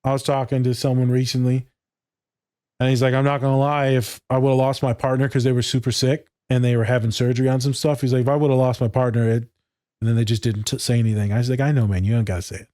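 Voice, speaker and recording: A man's voice: mid-range voice, little pitch movement, quick pace, warm tone, no echo, studio quality. Candid, swearing man. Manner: loose and candid, swears freely, acts out quoted dialogue. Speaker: podcast co-host. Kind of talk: casual podcast chat.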